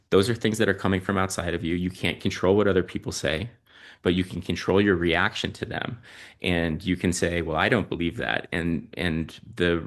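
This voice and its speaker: A man with a low-pitched voice talks through family stories as a podcast guest. He pauses often and fills the gaps with ums and uhs. His delivery is slow and thoughtful. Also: fairly bright tone. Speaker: podcast guest, parent and physician-researcher. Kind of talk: reflective conversational storytelling.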